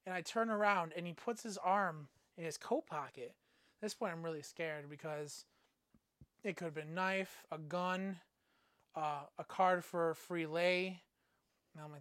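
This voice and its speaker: A man's voice: sits high, steady tone, moderate pace, a bit bright, clean tone, dry recording, studio quality. A man telling a rambling, self-mocking comic story.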